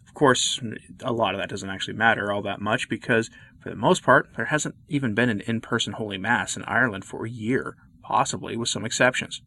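A man hosting a Catholic commentary video, reading his scripted remarks in an earnest, measured way. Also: medium pitch, pushed and bright, no room sound.

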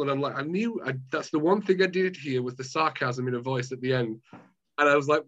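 A Scottish man talks as a guest, swinging between quiet asides and loud, high bursts when he acts out his old self. His voice sits a little high for a man. The sound is dull and slightly muffled. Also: quick pace. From Scotland. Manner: animated storyteller acting out his past self. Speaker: guest, mind management coach. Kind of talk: casual chat.

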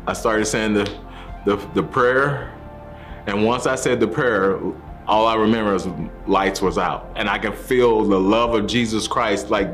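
A man giving a personal faith testimony, telling his story earnestly and acting out the voices of the people in it. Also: lowish voice. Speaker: testimony speaker. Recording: soft music underneath.

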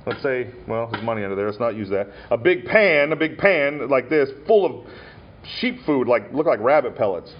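A man's voice: medium pitch, lively intonation, moderate pace, slightly rough. A male pastor from Montana preaching a sermon in a church, telling stories with frequent fillers and restarts. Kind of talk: sermon at an ordination ceremony. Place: church sanctuary. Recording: dull lo-fi church recording.

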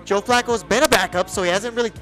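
Man, podcast co-host, casual sports talk, animated, swears, faint music behind. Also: high-pitched, fast talker, poor audio. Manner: animated, swears, argues picks.

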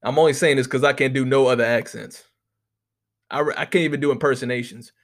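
A man's voice: mid-range voice, quick pace. An American man doing a comedic monologue, telling rambling stories and ranting with constant profanity. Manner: profane, animated, rambling storytelling.

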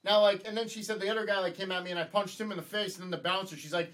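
A man's voice: high-pitched, steady tone, racing, fairly bright tone. A man in his thirties telling a long story in a casual chat, stumbling over repeated words and acting out the lines he quotes.

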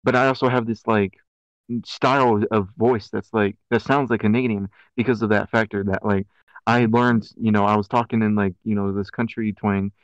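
A man's voice: lowish voice, steady tone, moderate pace, dry recording, muffled recording. A man with a country twang mixed with city slang, chatting casually as a podcast co-host and rambling through many fillers and restarts. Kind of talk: casual chat.

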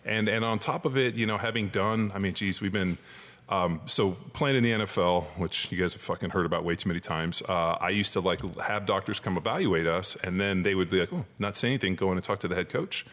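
A man's voice: low-pitched, brisk, fairly bright tone, long reverb tail. A man co-hosting a casual podcast, blunt and profane, with lots of fillers. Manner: blunt, swears constantly, filler-heavy. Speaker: podcast co-host.

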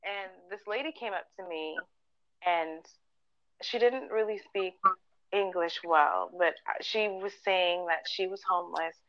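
Unhurried and on the low side, this co-host's voice has a fairly bright tone; the audio lacks room sound and its highs are cut off. She shares personal stories earnestly in a casual podcast chat, using many fillers and acting out people's quotes.

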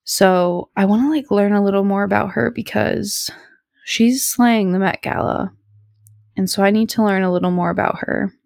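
A woman's voice: medium pitch, fairly even intonation, moderate pace, gravelly, a little mellow, no echo, clean studio sound. A young woman hosting a podcast at home, chatting casually in a rambling, bubbly, self-deprecating way. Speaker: podcast host. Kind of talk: casual solo chat.

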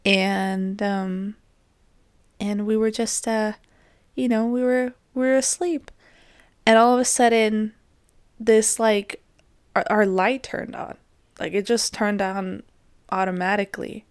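A woman in her twenties telling a personal story on her podcast, reflective and gently hesitant. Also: mid-range voice, flat delivery, slow, pauses often, smooth, no echo, clean studio sound. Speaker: podcast host.

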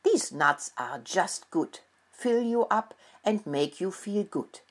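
Woman reading a boastful boy mouse in a storybook: slow, husky and eager. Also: medium pitch, animated, pitched above the performer's own voice.

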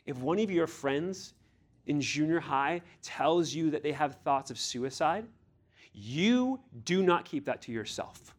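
A pastor preaching to a youth group, his male voice sitting a little higher than most. He talks in an earnest, direct way and presses his listeners with pointed questions. He now and then acts out the voices in the scripture he reads. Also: animated, takes it slowly.

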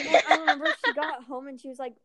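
A teenage girl chatting casually, telling animated stories and acting out what people said. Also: high-pitched, racing, crowd noise. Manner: animated storytelling, acting out quotes. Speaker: storyteller. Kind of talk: casual chat.

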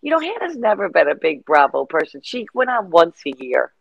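A middle-aged woman as an interview guest, telling rambling, animated stories in casual chat. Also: lowish voice, fairly quick, creaky, no room sound, muffled recording.

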